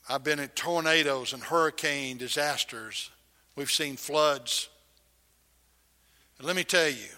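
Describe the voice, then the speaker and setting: A middle-aged man preaching a sermon, swinging from loud emphasis to hushed near-whispers. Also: on the high side, big-room sound. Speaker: pastor.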